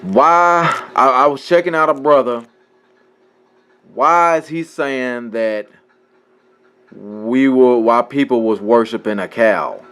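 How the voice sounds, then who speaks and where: A man's voice: medium pitch, takes it slowly, long pauses, a bit bright, smooth, faint music behind. A man teaching from scripture in a casual way, reading passages aloud and often stopping to correct himself and talk to his viewers. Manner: informal, talks straight to viewers. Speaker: religious teacher.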